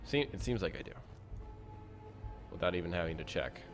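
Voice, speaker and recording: Male let's-play commentator, low voice, loose and self-mocking, thinking out loud. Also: animated, brisk, vocal fry, over music. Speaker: gameplay commentator.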